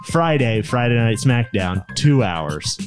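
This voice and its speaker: A man's voice: mid-range voice, very animated, slow pace, over music. A man co-hosting a podcast, chatting casually and eagerly listing off his plans. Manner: enthusiastic, listing things off. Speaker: podcast co-host. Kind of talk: casual chat.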